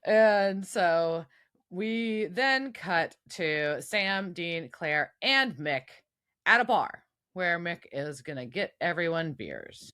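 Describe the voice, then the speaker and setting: Lively, low-voiced woman co-host. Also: takes it slowly, clean tone. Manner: laughs often, recaps the plot in detail. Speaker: podcast co-host. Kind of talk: casual chat recapping an episode.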